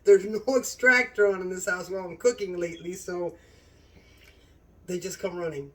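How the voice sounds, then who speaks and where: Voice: medium pitch, moderate pace, a bit bright, far from the mic. A home cooking channel host in a casual cooking vlog, gushing with enthusiasm about the food, recorded in a home kitchen.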